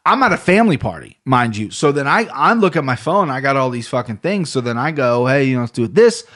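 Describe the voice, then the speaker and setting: A man from Ohio with an Ohio accent, hosting a solo sports podcast in loose, rambling, profane casual talk, a bit low on energy. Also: very animated, fast talker, a bit bright. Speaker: podcast host. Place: home room.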